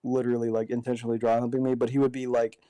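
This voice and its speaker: A young man chatting casually and telling stories about his school days, swearing freely. His voice is mellow and dark. The sound is dry, with no room echo. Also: medium pitch, little pitch movement, rapid-fire. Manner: laid-back storyteller, swears a lot. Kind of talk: casual chat.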